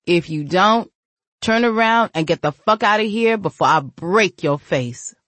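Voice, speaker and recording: A woman's voice: medium pitch, expressive, a little slow, a bit bright, no echo. Woman doing a drunk, menacing man. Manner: slurred, menacing. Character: drunken grieving man, hostile, threatening.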